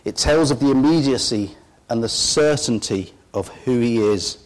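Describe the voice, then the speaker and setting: A man's voice: mid-range voice, moderate pace, low-quality recording. A man preaching a sermon in an earnest, heartfelt way.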